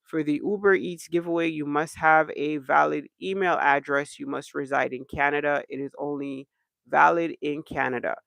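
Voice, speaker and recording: A man's voice: on the high side, creaky, fairly bright tone, dry recording. A man hosting a livestream, ranting in a casual, exasperated and emphatic way, often repeating himself. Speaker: livestream host.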